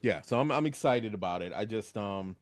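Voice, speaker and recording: A man talking casually on a radio show, rambling with lots of fillers and jumping up in pitch when excited. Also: brisk, no room sound. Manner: animated, rambling, frequent fillers. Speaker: guest commentator. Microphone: studio microphone.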